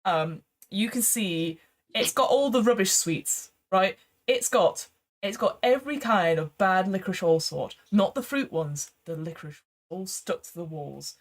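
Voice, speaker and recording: A woman's voice: mid-range voice, a little slow. Chatty woman game master. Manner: chatty, laughing, hesitant restarts. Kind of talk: improvised tabletop game narration. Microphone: remote call microphone.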